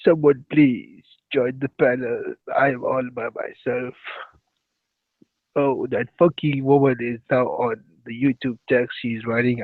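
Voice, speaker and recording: A man's voice: mid-range voice, fairly even intonation, takes it slowly, no room sound. A man with a Pakistani accent hosting a casual livestream, rambling and pleading with guests while teasing them crudely. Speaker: livestream host. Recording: tinny phone-line sound, dry.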